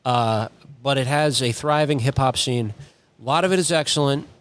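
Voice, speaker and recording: A man's voice: medium pitch, normal speed, a bit bright. A man chatting casually on a podcast, rambling, restarting his sentences and trailing off as he tries to recall things. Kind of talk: casual chat.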